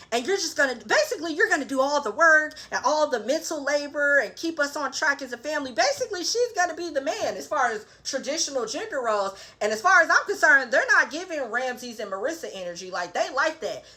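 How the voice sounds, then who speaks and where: A young woman with a bright, somewhat high voice recaps a dating show in a sassy, animated way. She drops into quick asides and imitates the people on screen, often breaking into laughter. The delivery is loose and conversational, like talking to friends. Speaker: reality TV reviewer. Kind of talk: casual recap commentary.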